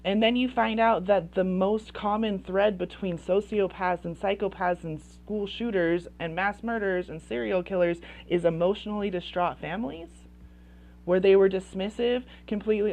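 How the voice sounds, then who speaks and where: A woman's voice: mid-range voice, moderate pace, darkish tone. A woman in her thirties, a parenting coach, talking bluntly and with passion, swearing and hammering points home through repetition. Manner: blunt and impassioned, swearing, repeating phrases for emphasis. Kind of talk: direct-to-camera talk.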